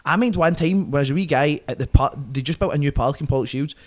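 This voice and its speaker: Guest, twenties man, Glaswegian, higher register, profane yarn-spinner. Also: fast talker. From Scotland. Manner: profane, vivid storyteller, constant "right?" and "mate". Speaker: podcast guest. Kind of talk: casual storytelling chat.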